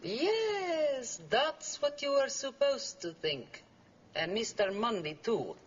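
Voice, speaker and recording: A woman's voice: a little high, big pitch swings, takes it slowly, husky, heavily acted. An actress playing a cold, commanding female secret-police commissar who gives curt, scornful orders. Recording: dull 1960s TV soundtrack with hiss.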